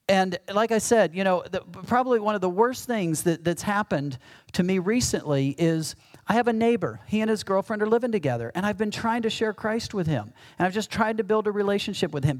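A middle-aged male pastor giving a conversational sermon with self-deprecating humor. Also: high-pitched.

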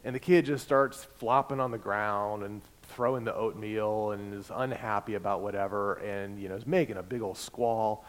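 A man, a pastor, preaching a sermon in a conversational storytelling manner, swinging between loud and soft. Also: lowish voice, fairly even intonation, normal speed, hardly any pauses. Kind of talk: sermon with personal anecdote.

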